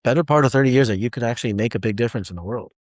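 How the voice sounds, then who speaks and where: A man in his forties giving a rambling, animated motivational talk as a self-help speaker, with many restarts. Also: medium pitch, very fast, no room sound, clean studio sound. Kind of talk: motivational monologue.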